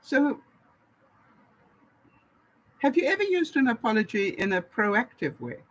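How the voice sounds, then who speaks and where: A woman's voice: fairly high pitch, sing-song, unhurried, poor audio. A woman from Canada giving casual advice to her viewers, laughing often and acting out the lines she quotes. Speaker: vlogger. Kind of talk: casual advice talk to camera.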